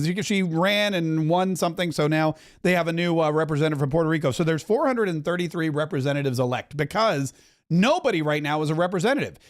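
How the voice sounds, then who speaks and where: A middle-aged man talks over a live broadcast as a podcast host, keeping up a chatty, wry running commentary. His voice sits a little high for a man. He tosses in quick asides as he goes.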